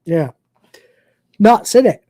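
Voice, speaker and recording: A man's voice: high-pitched, animated, slow pace, dark tone, dry recording, studio quality. A man hosting a live review stream, ranting and swearing in exasperation. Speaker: host.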